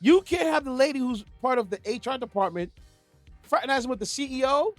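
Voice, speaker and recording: High-voiced man telling a story. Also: expressive, fairly quick, soft background music. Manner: storytelling, stumbles over words. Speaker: podcast co-host. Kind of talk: casual podcast banter.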